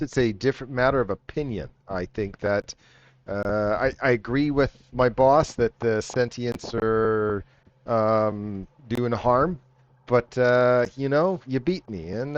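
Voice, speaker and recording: A man's voice: mid-range voice, measured pace, clean tone, no room sound, close to an everyday voice. Nervous lady bandit a guy voicing her in a tabletop game, begging off, muffled dry audio. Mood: nervous bargaining. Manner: nervous, pleading for her life. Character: surrendered female forest bandit, wary.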